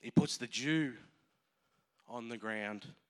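A man preaching a sermon as a pastor, emotional and animated, acting out voices as he tells a parable. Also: mid-range voice, takes it slowly, clean tone.

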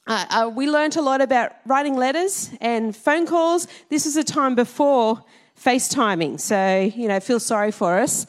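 Chatty Australian woman preacher, higher voice. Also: normal speed. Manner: chatty, laughing, quizzing the audience. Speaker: Salvation Army minister. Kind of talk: church talk to a congregation.

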